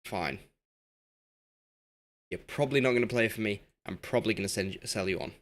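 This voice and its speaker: A man's voice: lowish voice, moderate pace. A man streaming a game, rambling in casual commentary and talking to the players on screen as he goes, while losing his voice.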